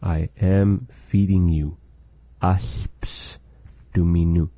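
A man teaching a language lesson, saying phrases slowly and carefully and repeating them for learners. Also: deep voice, fairly even intonation, warm tone, dry recording.

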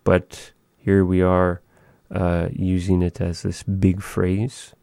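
A man giving a language lesson, thinking aloud in a slow, measured way with frequent pauses. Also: low voice, monotone, gravelly, dark tone, clean tone, no echo, studio quality. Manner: slow, measured, pausing often. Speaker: language teacher.

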